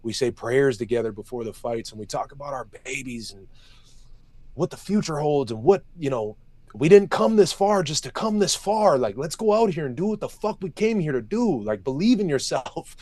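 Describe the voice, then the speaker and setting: A man's voice: fairly high pitch, lively intonation, normal speed, darkish tone, dry recording. A young man, an MMA fighter, talking openly and emotionally in an interview, swearing often and telling stories in long run-on answers. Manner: open and emotional, heavy swearing, loose run-on storytelling. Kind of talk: candid emotional interview talk.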